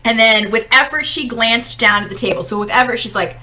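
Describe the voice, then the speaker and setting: A young adult woman leading a casual book-club lesson, chatty and animated, acting out quotes. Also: on the high side, brisk.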